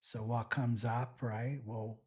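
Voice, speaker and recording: A man's voice: medium pitch, flat delivery, slow pace, a little mellow, breathy edge. A man astrologer giving a reassuring spiritual teaching monologue, often tagging his sentences with "right?". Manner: reassuring, keeps adding "right?".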